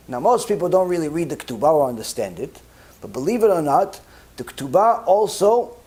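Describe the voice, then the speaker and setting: A rabbi with a fairly high-pitched voice gives an animated Torah sermon, acting out both sides of conversations and sprinkling in Hebrew religious terms.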